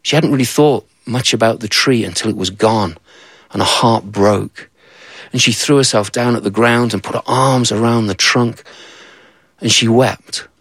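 Male storyteller for a told folktale, chatty asides, even mid voice, dry sound. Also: mid-range voice, moderate pace, slightly rough, dry recording. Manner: conversational, asides to the listener.

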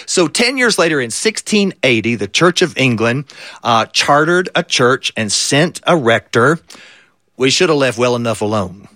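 Lively folksy storyteller man. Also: medium pitch, normal speed, dry recording, clean studio sound. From Kentucky. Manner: folksy, wry, lively delivery. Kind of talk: folk storytelling performance.

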